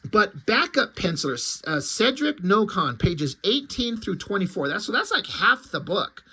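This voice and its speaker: Man, high-pitched, casual comic reviewer; blunt, swears a lot, meanders with ums. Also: sharp tone. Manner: blunt, opinionated, swears freely; rambling, with frequent ums and trailing asides.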